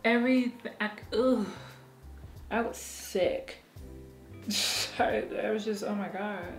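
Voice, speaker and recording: A woman's voice: medium pitch, takes it slowly, faint music behind. Frank, emotional woman vlogging in an echoey room. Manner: frank and emotional, swears freely, laughs often. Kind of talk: candid personal vlog talk.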